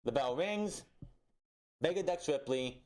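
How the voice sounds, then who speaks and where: A man's voice: fairly high pitch, animated, slow, a little mellow. A man reviewing a wrestling show in a casual, exasperated, sarcastic rant full of restarts.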